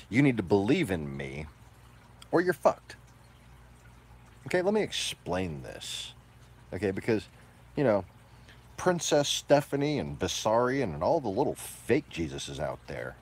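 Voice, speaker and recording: A man delivering a profane, combative ranting monologue, moving between low mutters and loud outbursts. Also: slightly rough.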